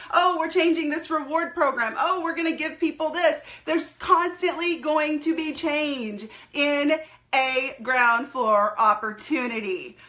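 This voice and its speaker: A woman leading a network marketing team speaks on a live stream. Her voice sits high and bright, and she talks emphatically, repeating herself and laughing often. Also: moderate pace. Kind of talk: live-stream talk to viewers.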